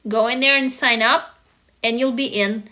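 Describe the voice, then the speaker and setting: A woman's voice: on the high side, fairly even intonation, normal speed, bright, forceful tone. A woman hosting a casual livestream, talking to viewers bluntly and swearing freely. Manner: blunt and profane, emphatic. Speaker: livestream host answering viewers.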